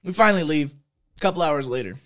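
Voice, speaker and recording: A young man with a fairly high voice tells a story among friends. He is loose and profane, and he acts out the shouted lines of the people in it. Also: fast talker. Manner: profane, animated storyteller acting out shouted quotes. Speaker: podcast co-host.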